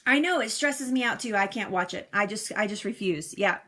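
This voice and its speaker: Woman, live-stream host, bright tone, chatty, laughs often, reads comments, phone mic at home. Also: medium pitch, expressive, fairly quick. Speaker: livestream host. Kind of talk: casual live-stream chat. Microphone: phone or device mic, no external microphone.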